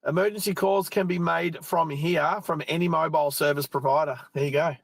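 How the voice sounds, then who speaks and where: A middle-aged Australian man with a fairly high voice talks casually to his viewers from a parked car. He rambles, breaks off mid-thought and comes back to it. The sound is close and dry, with no room echo. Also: steady tone, fairly quick, vocal fry. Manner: chatty, rambling, self-interrupting. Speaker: live-stream driving host. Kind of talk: casual live-stream chat. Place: parked car on an outback roadside.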